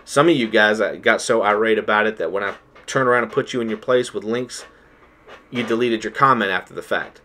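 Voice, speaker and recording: A man's voice: fairly low pitch, brisk, pushed and bright. A man hosting his own channel, giving an emphatic, worked-up lecture straight to his viewers from indoors at home. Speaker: channel host. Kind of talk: heated monologue to viewers.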